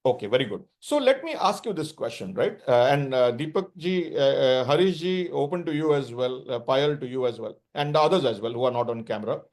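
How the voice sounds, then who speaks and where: A man with an Indian accent answering interview questions as a sales expert, emphatic and animated, speaking over a video call. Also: mid-range voice, brisk, few pauses. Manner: emphatic, animated, full of restarts.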